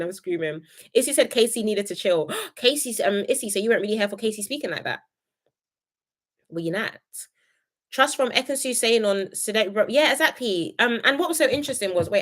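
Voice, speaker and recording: A young woman, reviewing a reality show on a casual live stream, opinionated and chatty, reading viewer comments aloud. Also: brisk. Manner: animated, jumps between high excited greetings and low asides.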